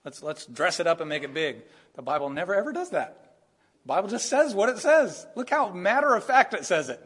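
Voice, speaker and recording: Animated preacher, fairly high voice. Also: male voice, brisk, slightly rough. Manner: animated, acts out quoted voices, rising to bursts of emphasis. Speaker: pastor. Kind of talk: sermon.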